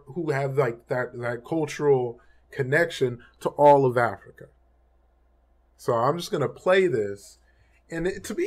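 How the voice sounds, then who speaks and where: A man hosting his own channel, talking casually straight to the camera in a rambling, self-correcting reaction commentary that turns emphatic. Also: mid-range voice. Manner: gets heated and emphatic, swears. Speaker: channel host.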